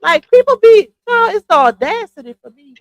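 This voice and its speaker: A woman's voice: extremely high pitch, sing-song, moderate pace, rough recording. A congested woman hosting a casual live stream, talking straight to her viewers through earphones. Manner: chatty, addresses viewers as y'all. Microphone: earphones with mic.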